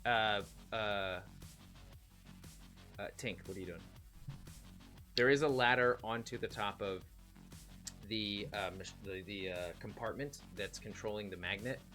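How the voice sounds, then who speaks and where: A man's voice: lowish voice, moderate pace, pushed and bright, soft background music. A man narrating as game master, with many fillers and restarts.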